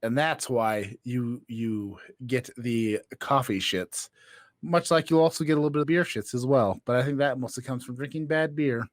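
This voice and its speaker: A man's voice: medium pitch, moderate pace, no echo, clean studio sound. A man co-hosting a casual comedy podcast, bantering crudely and teasing his co-host.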